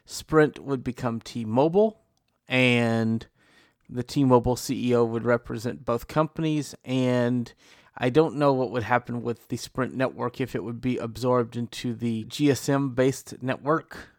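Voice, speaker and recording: A man's voice: medium pitch, fairly even intonation, a little slow, a little mellow, dry recording, clean studio sound. Upbeat man hosting a podcast. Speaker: podcast host. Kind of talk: casual panel chat.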